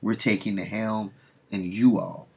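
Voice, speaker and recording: A man reading a comic aloud, voicing a gloating male supervillain in a metal helmet with an attempted metallic, booming voice. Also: fairly even intonation, measured pace, vocal fry, husky, full character voice.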